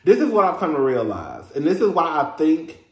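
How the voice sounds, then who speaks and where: A man's voice: a little high, wildly swooping pitch, normal speed, reverberant. A man, hosting a casual review vlog in a sassy, chatty way, calling listeners "girl" and laughing often. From Texas. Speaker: reality TV reviewer, host.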